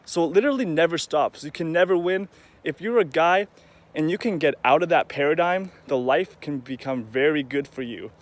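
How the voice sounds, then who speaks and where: A man's voice: fairly high pitch, moderate pace. A man talking casually to the camera in a rambling, conversational vlog, now and then acting out the voices of people he quotes. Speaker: vlogger.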